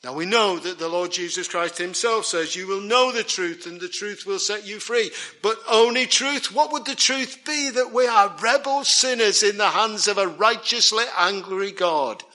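A man's voice: high voice, normal speed, hardly any pauses, sharp tone. A man preaching a sermon, earnest and emphatic, repeating key words for weight.

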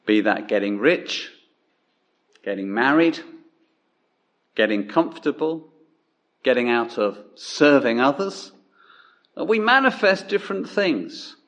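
A man preaching a sermon at an unhurried pace, his voice at a middle pitch. He speaks in a measured, emphatic way and lets key words sink low.

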